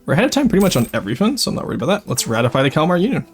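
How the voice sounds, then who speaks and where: With a slightly high, husky voice that swings wildly in pitch, this French Canadian man talks at a racing pace over soft music. He's live-streaming a strategy game, rambling, swearing freely, and laughing often. He chats casually while commenting on the game.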